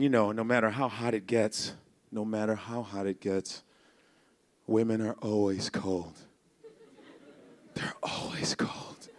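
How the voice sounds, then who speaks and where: A male stand-up comedian performing an exasperated, profane routine and talking straight to the audience. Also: on the low side. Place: comedy club stage.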